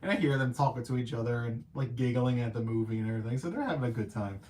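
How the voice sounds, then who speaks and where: A man hosting a casual live-stream movie review, chatty and animated, with lots of filler words and playful self-mocking asides. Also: medium pitch, rapid-fire, a little hiss or hum.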